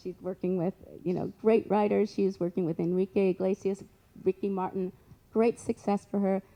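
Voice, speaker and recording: A woman telling a long story as a guest speaker, animated, acting out both sides of conversations and adding lively asides. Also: medium pitch, moderate pace, low-quality recording. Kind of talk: storytelling on stage.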